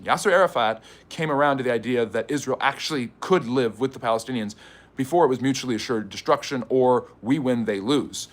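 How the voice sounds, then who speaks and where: Fast-talking man hosting a history livestream. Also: medium pitch. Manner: rapid, chatty, reads viewer questions aloud. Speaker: history channel host. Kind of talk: live stream chat with viewers.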